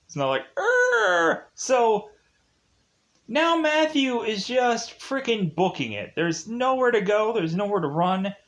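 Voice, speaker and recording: A man's voice: high-pitched, sing-song, a little slow. A young man casually recapping a film, rambling with many fillers and acting out the characters' lines. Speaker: film reviewer.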